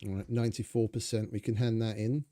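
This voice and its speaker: A man's voice: lowish voice, little pitch movement, fast, dark tone. A young man giving rambling, sarcastic, swearing commentary over his gameplay. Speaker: gaming channel host.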